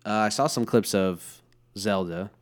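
A man's voice: fairly low pitch, measured pace. Laid-back swearing podcast co-host man. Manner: laid-back, swears freely, laughs often. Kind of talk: casual chat.

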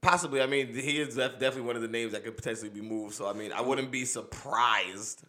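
A man co-hosting a podcast who chats about sports in a relaxed way and often agrees, hedges, or scales back his own takes. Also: medium pitch, fast. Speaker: podcast co-host. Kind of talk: casual sports talk.

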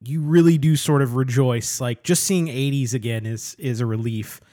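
Man, podcast host, easygoing, casual chat, medium pitch. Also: moderate pace, warm tone.

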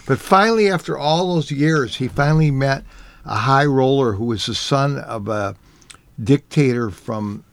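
A man with a gravelly, fry-edged voice talks as an auto journalist on a casual radio show. He tells long, winding anecdotes at an easy pace. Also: mid-range voice, unhurried. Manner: rambling anecdotal storyteller.

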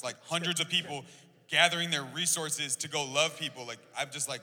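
A young man chatting about church outreach, excitable and full of "like" and "you know". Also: a little high, brisk, long reverb tail. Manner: excitable, heavy use of "like". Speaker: church volunteer. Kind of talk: casual church podcast chat.

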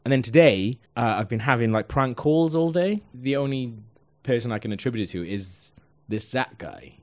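A man, a podcast host, telling an animated story in casual chat, swearing and laughing often. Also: mid-range voice, moderate pace.

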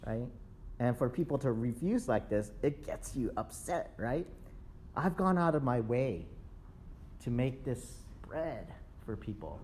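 A man delivers a conversational sermon at a middle pitch, speaking to his listeners like friends. He keeps checking in with a quick "right?" and briefly plays out the excuses he describes. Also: a little hiss or hum. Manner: lively, acts out excuses in quick asides. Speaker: preacher.

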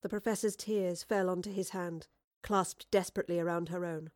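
A woman narrating a novel as an audiobook, reading in a steady, measured way. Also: on the low side, dry recording, studio quality. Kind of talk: scripted narration.

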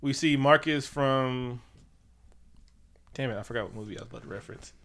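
A man co-hosting a casual chat, recapping a movie scene by scene in a profane, animated way and acting out the characters. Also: mid-range voice, brisk, gravelly. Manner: animated, profane, acts out characters while retelling. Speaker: podcast co-host.

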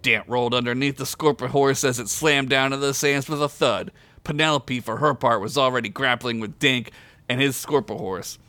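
A man's voice: medium pitch, moderate pace, sharp tone, no echo. A man hosting a comedy podcast, reading his own silly adventure story aloud with jokey asides and frequent laughter. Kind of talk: comic story reading with banter.

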